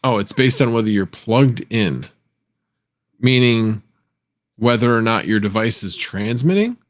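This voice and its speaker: A man hosting a casual livestream, thinking out loud and reading viewer comments as he goes. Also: lowish voice, expressive, measured pace. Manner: rambling, reads chat aloud, thinks out loud. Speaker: livestream host.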